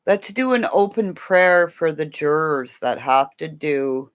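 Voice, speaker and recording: A middle-aged woman chatting on a livestream. She talks slowly, and her pitch swings widely as she laughs and jokes with viewers. Her manner is playful and warm toward her audience. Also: creaky. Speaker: livestream host. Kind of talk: casual livestream chat.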